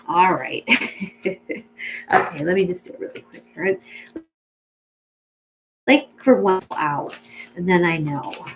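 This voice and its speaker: A woman's voice: fairly low pitch, unhurried, long pauses, a little hiss or hum, low-quality recording. Tearful, chatty woman medium. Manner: emotional, tearful at times, many fillers, soothing reassurance. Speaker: pet medium. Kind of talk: casual spoken reading to a client.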